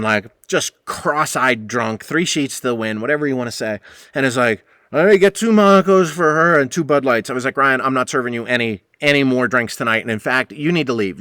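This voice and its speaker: A man in his forties hosting a podcast, telling a story in a casual, profane, animated way and acting out the other people's voices. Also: medium pitch, no room sound, studio quality. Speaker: podcast host.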